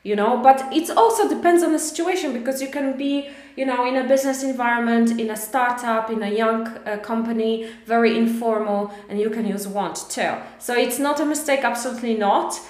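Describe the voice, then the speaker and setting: A woman's voice: fairly high pitch, fairly quick, few pauses, darkish tone. Chatty Polish-accented woman teaching English. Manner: chatty, encouraging, many fillers. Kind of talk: live online English lesson. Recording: echoey room.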